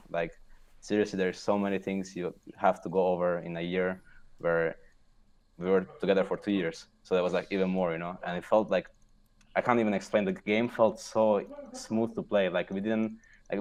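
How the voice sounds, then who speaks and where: A man's voice: low voice, a little mellow. A young man, a podcast guest, rambling casually with lots of fillers. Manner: rambling, filler-heavy, laughs at himself. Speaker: guest, pro gamer.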